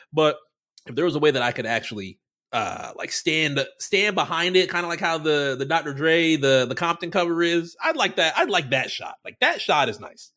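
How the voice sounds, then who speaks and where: A man co-hosting a podcast in casual chat, loose and profane, who often drops into a deep voice when quoting. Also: fairly bright tone. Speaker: podcast co-host.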